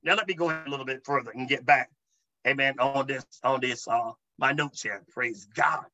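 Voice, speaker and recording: A male preacher and deliverance minister delivers an emphatic sermon to an online audience, repeatedly saying "amen" and calling on listeners to respond. His medium-pitched voice is sharp and a little fast, captured in lo-fi sound with a bit of hiss or hum.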